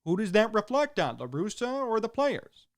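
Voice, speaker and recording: A man's voice: sits high, big pitch swings, moderate pace. A man hosting a sports talk show, delivering an emphatic opinion monologue in punchy, repeated short sentences.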